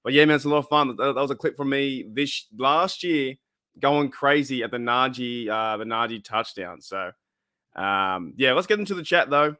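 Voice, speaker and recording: A man with an Australian accent hosts a relaxed live stream from his room. He rambles with plenty of ums and likes and greets chat viewers one by one. His voice sits at an average pitch and the sound is dry and close. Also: normal speed, dry recording.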